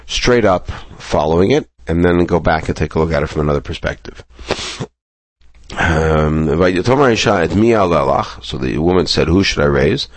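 A man with a very low, gravelly voice teaches a text-study lesson. He reads each verse, translates it, and explains it. Bits of husky breath sit in his tone, and the recording sounds close and dry. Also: no room sound. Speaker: Bible teacher.

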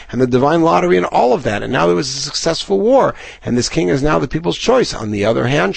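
A man's voice: medium pitch, creaky, husky, no room sound. A man giving a Bible lesson, reading Hebrew verses aloud and then explaining them in English. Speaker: Bible teacher. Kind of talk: recorded Torah lesson.

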